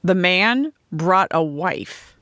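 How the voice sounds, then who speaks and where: A woman voicing a brisk, teasing, practical friend who loves sharing news. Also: on the low side, lively intonation, bright, forceful tone, no room sound, clean studio sound, full character voice.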